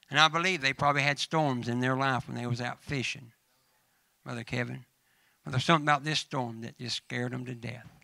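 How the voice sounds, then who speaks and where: A man's voice: mid-range voice, creaky, sharp tone, no echo. A man with a Southern American accent preaching a folksy sermon, telling funny stories and addressing church members by name. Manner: humorous storytelling mixed with scripture reading.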